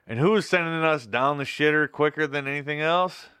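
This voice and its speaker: A man's voice: fairly high pitch, a little fast, pushed and bright, smooth, no room sound, clean studio sound. A man co-hosting a casual podcast, joking crudely, swearing a lot and laughing often. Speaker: podcast co-host. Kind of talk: casual chat.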